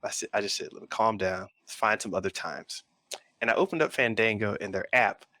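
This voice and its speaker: Co-hosting a pop culture podcast, this man speaks briskly at a fairly low pitch, and the recording is dry. He rambles through a story in casual conversation, retelling it with lots of animation.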